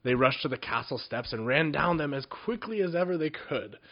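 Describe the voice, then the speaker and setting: A man reading a children's storybook aloud with an expressive, sing-song delivery. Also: fairly high pitch, moderate pace. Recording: dull lo-fi recording.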